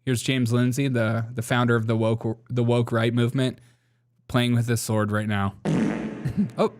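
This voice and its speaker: A man's voice: medium pitch, level tone, unhurried, a little mellow. Sarcastic male commentary host. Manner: sarcastic, laughs often while talking. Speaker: political commentary show host. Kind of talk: casual commentary on clips.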